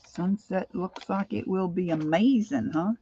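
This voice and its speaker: A woman's voice: on the low side, unhurried, warm tone, highs cut off, slight background noise. An older woman hosting a crafting livestream, chatting casually and greeting viewers by name as she works.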